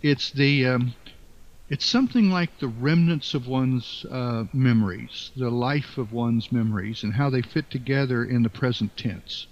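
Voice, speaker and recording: An older man being interviewed as an author, speaking in a halting, thoughtful way with many fillers and restarts. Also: mid-range voice. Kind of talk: reflective interview talk. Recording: dull lo-fi sound.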